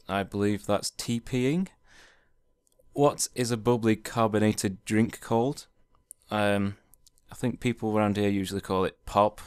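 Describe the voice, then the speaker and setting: Low, smooth-voiced Yorkshire man. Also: no echo, clean studio sound. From Yorkshire, England. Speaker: vlogger. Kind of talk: casual accent-tag video.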